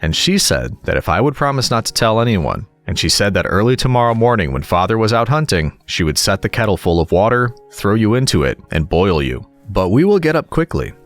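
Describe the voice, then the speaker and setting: Brave young girl, earnest, read by a man, low-key storybook voice. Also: sing-song, a little fast, few pauses, soft background music.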